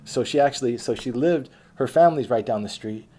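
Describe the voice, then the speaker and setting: A man's voice: mid-range voice, a little fast, mellow. A man telling a rambling autobiographical story in a casual, profane way, with many restarts and fillers. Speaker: storyteller recounting his dating life.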